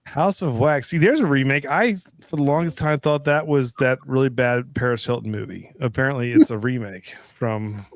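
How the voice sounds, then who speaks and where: A man's voice: medium pitch, normal speed, few pauses, no room sound. Middle-aged male co-host, mid-range voice, dry close mic, rambling anecdotes full of restarts. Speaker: live stream co-host. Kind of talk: casual chat.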